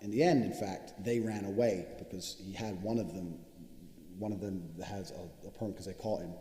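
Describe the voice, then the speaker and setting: A man's voice: low voice, fairly even intonation, warm tone. A man giving an unscripted motivational talk as a course instructor, swearing often and boasting as he tells stories. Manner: profane, boastful, rapid storytelling. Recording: echoey room with long reverb.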